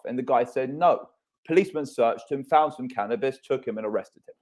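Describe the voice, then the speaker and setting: A man's voice: medium pitch, brisk, a little mellow. A man in his thirties hosting a casual podcast chat, telling stories animatedly and swearing freely.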